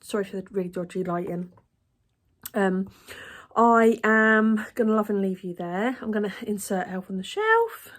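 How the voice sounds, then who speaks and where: A woman's voice: mid-range voice, lively intonation, normal speed. A woman chatting casually to camera in her home kitchen, self-deprecating and giggly. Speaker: vlogger.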